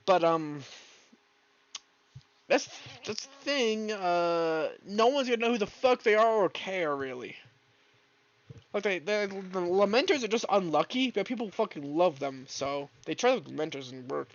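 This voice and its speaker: A young man hosting a solo podcast stream, swearing a lot, rambling, and breaking into exasperated yelling when alone at home. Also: sits high, expressive, unhurried, muffled recording. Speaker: podcast host. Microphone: streaming mic, leaning back from it.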